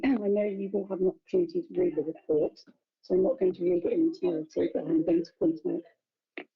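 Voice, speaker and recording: A woman as investigating officer presenting her report at a hearing, in a measured, formal way. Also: lowish voice, gravelly, slightly rough. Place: council meeting room. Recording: dull lo-fi meeting recording.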